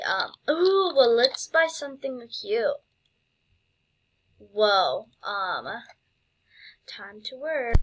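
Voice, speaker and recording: A woman's voice: fairly high pitch, big pitch swings, extremely slow, pauses often, husky. A woman giving casual gameplay commentary, giddy and gushing, with lots of fillers and exclamations. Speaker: gameplay video creator.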